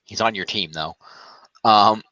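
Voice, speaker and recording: A man hosting a casual podcast, recapping wrestling and tallying fantasy points out loud in a laid-back way. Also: lowish voice, a little slow, no room sound, dull audio. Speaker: podcast host.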